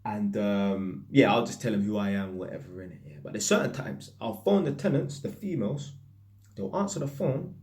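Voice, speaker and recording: A man with a British accent full of London street slang, an electrician casually telling stories to camera in a lively, anecdotal way. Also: on the low side, moderate pace.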